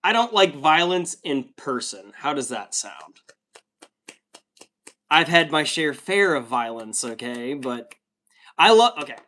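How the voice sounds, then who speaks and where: A man's voice: fairly high pitch, big pitch swings, measured pace, long pauses, pushed and bright. A man in his thirties from the United States, chatting casually on a livestream and reading viewer comments aloud with a laid-back, joking manner.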